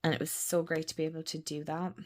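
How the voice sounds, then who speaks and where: A woman's voice: deep voice, flat delivery, quick pace. A woman with an Irish accent, chatting casually and gushing about oracle decks in a rambling way. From Ireland. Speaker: tarot and oracle deck channel host. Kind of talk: casual deck review chat.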